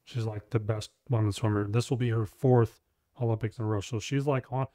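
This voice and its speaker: A man's voice: on the low side, steady tone, a little fast, warm tone, no room sound, clean studio sound. A young man co-hosting a podcast in casual chat, blunt and rambling, swearing offhandedly. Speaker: podcast co-host.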